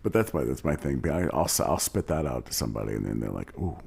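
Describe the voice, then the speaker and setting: A man from Ohio hosting a podcast, talking in a rambling, hesitant way with lots of shout-outs. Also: extremely low pitch, animated, fast, vocal fry, a little hiss or hum. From Ohio, USA. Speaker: podcast host. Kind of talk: casual interview chat.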